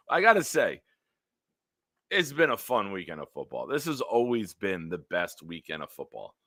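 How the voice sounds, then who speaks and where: A man's voice: sits low, sing-song, moderate pace, fairly bright tone, no room sound, studio quality. A man hosting a casual football live stream, blunt and opinionated, with some profanity. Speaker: host.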